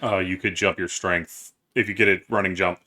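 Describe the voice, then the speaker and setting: Man, game master, tabletop game, lowish voice, bright tone, brisk rule calls. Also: steady tone. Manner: brisk, works out movement rules aloud.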